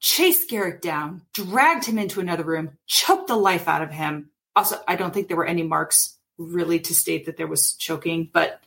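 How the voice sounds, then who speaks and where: Woman podcast co-host, 30s-40s, lowish voice, animated retelling of a case with acted-out quotes. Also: normal speed, vocal fry, few pauses. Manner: animated storytelling, acts out quotes. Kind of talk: casual true-crime chat.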